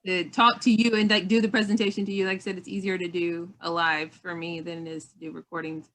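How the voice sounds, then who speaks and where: A woman coaching motorcycle riders, chatting on a video call in a friendly, animated way and often repeating herself. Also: lowish voice, fast, a little hiss or hum. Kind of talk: casual video call chat.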